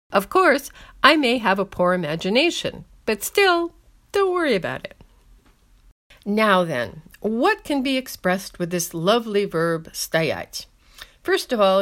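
A woman's voice: medium pitch, a bit bright. A woman hosting a scripted language lesson with wry, dry humor, speaking English as her first language. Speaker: language column host.

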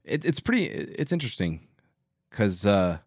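A man as a podcast guest in casual chat, relaxed and rambling, with many fillers. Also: lowish voice, moderate pace, no room sound, studio quality.

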